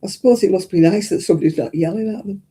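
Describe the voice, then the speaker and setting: A woman's voice: on the low side, racing, dark tone, breathy edge. An older woman, chatting casually as host of a crafting livestream and rambling through anecdotes. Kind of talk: casual chat.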